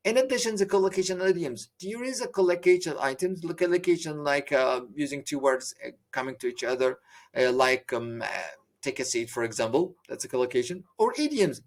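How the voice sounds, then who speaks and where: Earnest teacher. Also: male voice, on the high side. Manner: earnest, with frequent fillers and restarts. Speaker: English exam teacher. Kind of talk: lecture explaining a course.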